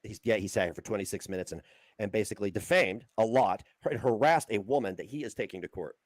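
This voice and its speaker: A lowish-voiced man co-hosting a livestream rants heatedly and fast, swearing as he lectures someone during casual chat. There's no room sound, and the quality is studio level.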